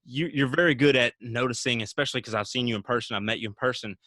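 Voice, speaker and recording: A man's voice: mid-range voice, fast, pushed and bright, no echo. A man hosting a casual podcast, upbeat and encouraging, turning often to speak straight to his listeners. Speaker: podcast host.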